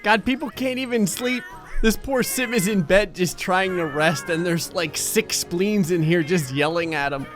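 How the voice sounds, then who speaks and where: Brief: male let's play commentator, gleeful and sarcastic, fairly high voice, quick laughs. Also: fairly bright tone, soft background music. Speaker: gaming commentator.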